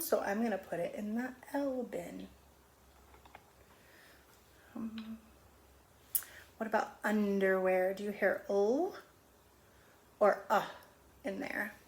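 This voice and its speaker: A middle-aged woman teaching a phonics lesson on video at home, stretching out letter sounds slowly and patiently. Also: mid-range voice. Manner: slow, drawn-out sounding of letters. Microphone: camera on video.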